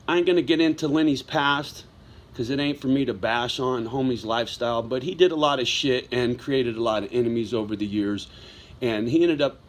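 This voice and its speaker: A middle-aged man telling a story in a casual vlog monologue, blunt and heavy with swearing, wound up as he talks. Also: mid-range voice. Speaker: vlogger.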